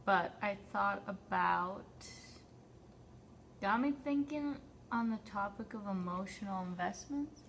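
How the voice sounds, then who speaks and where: A woman vlogger chatting casually to camera while eating, often filling pauses with "like". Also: medium pitch, animated, gravelly, fairly bright tone. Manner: chatty, lots of "like" fillers, talks while eating. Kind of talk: casual mukbang chat to camera. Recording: faint background noise.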